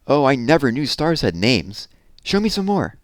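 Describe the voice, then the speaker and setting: A man voicing a small, curious baby barn owl from a storybook, wide-eyed and excitable. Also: medium pitch, normal speed, dry recording, clean studio sound, voice pushed up, lightly acted. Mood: eager.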